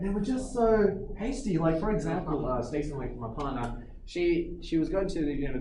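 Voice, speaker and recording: A man casually telling a travel story, animated and laughing often, acting out what people said. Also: a little high. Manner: animated, acts out quotes, laughs a lot. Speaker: storyteller recounting a trip. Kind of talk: casual anecdotal chat. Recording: roomy echo, distant mic, background noise.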